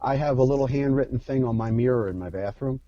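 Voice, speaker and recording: Candid male actor guest from Philadelphia; mellow, dry, lo-fi. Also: mid-range voice, quick pace, no room sound. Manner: frank, profane, storytelling. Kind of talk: candid interview talk.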